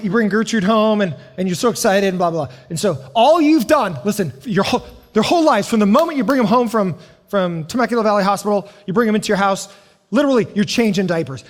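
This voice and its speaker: Middle-aged pastor guy, high voice, preaching w/ stories, church hall echo. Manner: storytelling, acting out family scenes. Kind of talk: sermon. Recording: long hall reverb.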